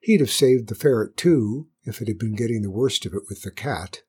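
A woman narrating a children's story with gentle, wry asides. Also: extremely low pitch, lively intonation, a little fast, husky.

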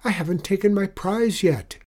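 A man's voice: medium pitch, big pitch swings, unhurried, darkish tone, husky, full character voice. A man voicing a determined young boy swordfighter, tight and defiant.

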